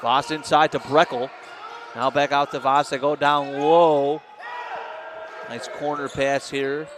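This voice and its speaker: A man calling live basketball play-by-play, quick and excitable, rising on big plays. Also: fairly high pitch. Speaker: play-by-play announcer. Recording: noisy gym broadcast.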